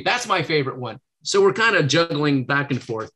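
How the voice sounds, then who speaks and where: A man's voice: a little high, animated, fast talker, few pauses, a bit bright. A middle-aged man, a guest on a podcast interview, talking in an earnest, motivational way and acting out quotes in a lifted voice. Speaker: podcast guest, negotiation trainer. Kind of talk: casual interview.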